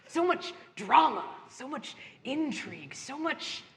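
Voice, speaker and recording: A woman voicing a formal male gentleman who speaks quietly and courteously with a hint of menace. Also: high voice, sing-song, slow pace, vocal fry, exaggerated voice. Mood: ominous.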